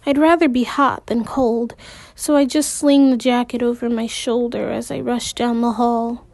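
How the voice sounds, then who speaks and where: A woman reading a novel aloud in the first person, unhurried, with occasional slips and restarts. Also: fairly high pitch, little pitch movement, gravelly, a little mellow, no echo. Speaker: amateur audiobook reader.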